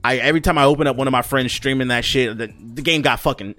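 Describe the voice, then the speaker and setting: A man's voice: mid-range voice, quick pace, sharp tone, soft background music. A man hosting his own podcast, rambling and joking in a casual, profane rant. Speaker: podcast host.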